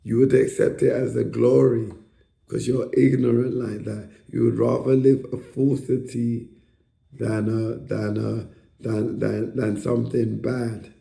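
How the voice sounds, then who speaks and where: A man's voice: medium pitch, flat delivery, a little slow, gravelly, warm tone. A man on a hospital ward, angrily ranting at a staff member, swearing and repeating rhetorical questions. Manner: angry, profane, repeats himself, rhetorical questions. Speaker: psychiatric ward patient. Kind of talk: confrontational rant at a staff member. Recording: echoey room.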